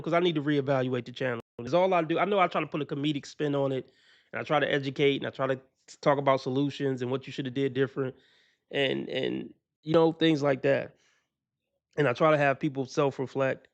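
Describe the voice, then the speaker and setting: A man's voice: medium pitch, fairly quick, creaky. A man, hosting a casual commentary stream. He talks emphatically and profanely, and laughs at the lines he quotes mockingly. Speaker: channel host.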